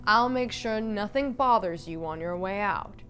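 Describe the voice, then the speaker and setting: A woman's voice: mid-range voice, unhurried, a bit bright, soft background music, lightly acted. A woman voicing a male vampire prince who gives firm orders. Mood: commanding.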